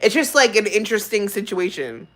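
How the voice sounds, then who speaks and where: A woman's voice: medium pitch, big pitch swings, brisk. A young woman streamer ranting casually on a livestream, swearing freely, rambling and laughing often.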